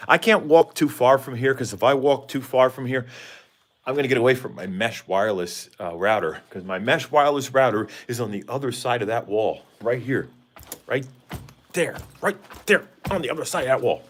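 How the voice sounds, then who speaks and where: A man's voice: mid-range voice, expressive, normal speed, a little hiss or hum. A man rambling casually and joking with viewers during a live stream, talking into his phone on a side porch outdoors. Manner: rambling, jokey, talks to viewers. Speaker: vlogger. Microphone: phone held by hand.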